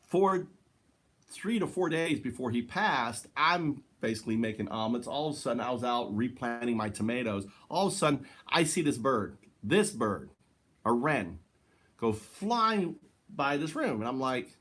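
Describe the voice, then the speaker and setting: A man's voice: medium pitch, lively intonation, moderate pace, fairly bright tone. A man rambling through a casual vlog from his own house, laughing often and tagging his sentences with "right?", recorded on a handheld camera indoors. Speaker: vlogger.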